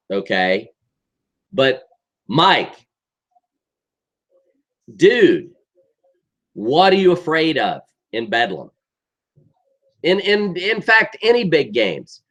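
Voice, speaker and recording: A man's voice: a little high, a bit bright. A middle-aged man giving an exasperated, emphatic football rant, often tagging sentences with "okay?". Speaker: sports commentator.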